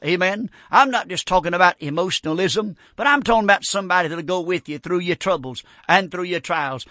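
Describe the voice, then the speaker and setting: A man's voice: sits high, bright, forceful tone, no room sound, clean studio sound. An older man preaching a sermon, emphatic and repetitive, often stumbling over restarts.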